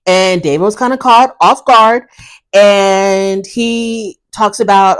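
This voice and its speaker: A woman recapping a reality TV episode in casual, animated commentary, often acting out what people said. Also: mid-range voice, slow. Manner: animated, opinionated, acts out quotes; frequent fillers and restarts.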